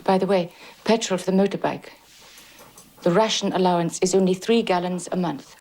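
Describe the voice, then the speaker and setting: A brisk, prim village lady. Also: fairly low pitch, fairly even intonation, darkish tone.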